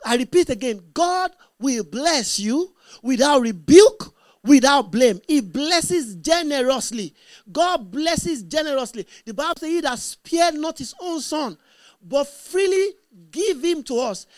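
A man preaches with a high-pitched voice, repeating lines for emphasis. He moves from loud, fervent calls down to soft, quiet asides. The sound is dry and close, with no room echo. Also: animated, unhurried. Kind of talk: sermon.

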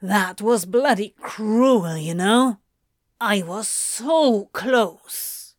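A woman's voice: animated, very slow, dry recording, clean studio sound. A woman reading aloud, voicing a flustered, foul-mouthed male demon who exclaims and grumbles in a raised voice. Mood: grumbling. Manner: swearing, exclaiming, rising to a higher pitch. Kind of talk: amateur audiobook reading.

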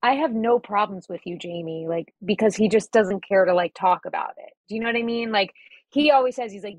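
A woman's voice: mid-range voice, fairly quick, dry recording, low-quality recording. Chatty woman with lots of "like". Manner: chatty, frequent "like" fillers. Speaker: podcast co-host. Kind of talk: casual chat.

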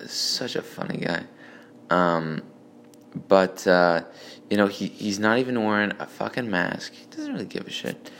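A man's voice: fairly low pitch, big pitch swings, measured pace, fairly bright tone, slight background noise. A man alone with a phone voice memo, reading his old joke notes aloud, rambling, swearing and mocking himself. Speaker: amateur comedian.

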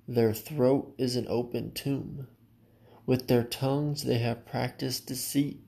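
A man's voice: mid-range voice, steady tone, slow, vocal fry, warm tone. A man preaching a sermon in an earnest, direct way, often addressing listeners as his friend.

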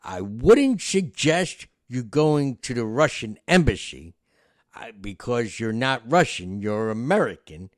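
A man's voice: medium pitch, big pitch swings, takes it slowly, no echo, studio quality, voice pushed up. A man voicing a cranky, disheveled German train conductor who talks in a curt, irritable way. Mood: annoyed.

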